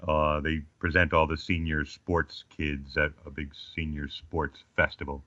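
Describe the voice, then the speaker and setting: A man's voice: extremely low pitch, level tone, unhurried, bright, forceful tone, no room sound. A man in his forties with an Australian accent, telling comic stories in a casual chat as a guest, with a dry joking manner. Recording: slightly dull lo-fi sound.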